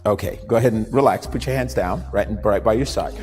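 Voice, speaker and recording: A man hosting a talk, telling a story in an animated, conversational way and then leading a live demonstration. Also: lowish voice, fast, in a large hall, soft background music. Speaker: host and motivational speaker.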